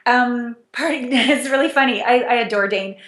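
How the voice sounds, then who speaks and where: A woman being interviewed as an intimacy coach. She talks animatedly, with big swings in pitch, and she laughs as she acts out conversations. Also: normal speed. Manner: animated, wide pitch swings, laughs while acting out dialogue. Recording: echoey room.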